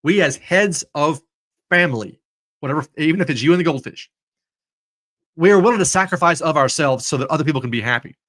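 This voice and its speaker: A man's voice: fairly high pitch, expressive, fairly quick, a bit bright. A middle-aged man hosting a livestream talk, emphatic and jokey, speaking to his viewers in the chat. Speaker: host.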